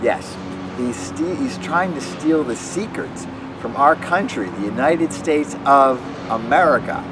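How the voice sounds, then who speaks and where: A man running a casual magic tutorial, rambling and animated, often restarting his sentences. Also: medium pitch, measured pace. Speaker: magician demonstrating tricks. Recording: distant mic with clear background noise.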